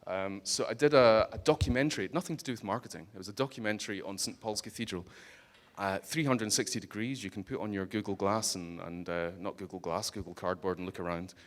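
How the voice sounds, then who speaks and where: A man's voice: on the low side, fast. Joking Scottish man on a conference stage. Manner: joking, audience-teasing, blunt. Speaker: conference speaker. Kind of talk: humorous conference talk.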